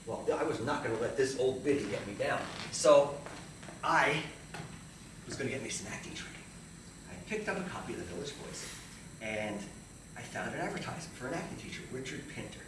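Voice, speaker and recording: A man telling comic stories from his own life in a solo stage show, with lively stammered restarts and banter with the audience. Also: medium pitch, a little fast, noisy background. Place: theater stage with a live audience. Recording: echoey theater from far off.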